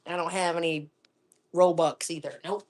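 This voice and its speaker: A middle-aged woman from Florida chatting casually while cooking in her home kitchen, laughing often and sometimes dropping to a soft half-whisper. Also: lowish voice, fairly even intonation, normal speed. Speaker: live-stream cooking host.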